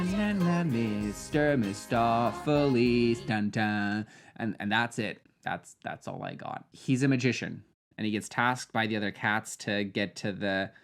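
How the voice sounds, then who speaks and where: A young man reviewing a film with sarcasm, trailing off into deadpan mutters and jumping to loud, high outbursts. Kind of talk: sarcastic movie commentary.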